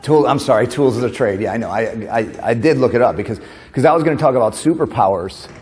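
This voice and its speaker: A man from New York doing a stand-up comedy keynote at a conference, animated, tossing in quick asides and laughing at his own jokes. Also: mid-range voice. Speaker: comedian and motivational speaker. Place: conference hall stage. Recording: long hall reverb.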